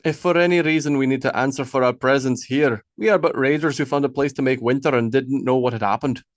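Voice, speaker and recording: A man's voice: medium pitch, fairly even intonation, fast talker, no room sound, close to an everyday voice. Man doing a commanding viking chief, firm and decisive, audiobook character voice, dry close sound. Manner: firm, decisive, a little archaic speech. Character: gruff Viking war leader, steady and commanding.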